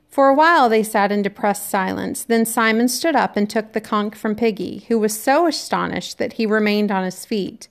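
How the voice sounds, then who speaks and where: A woman's voice: mid-range voice, moderate pace, vocal fry, few pauses. Woman teacher reading a novel aloud.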